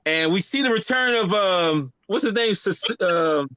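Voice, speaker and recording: A man's voice: sits high, unhurried. A man co-hosting a podcast, chatting casually and laughing as he recaps an anime episode. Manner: animated, laughing storyteller with fillers. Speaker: podcast co-host.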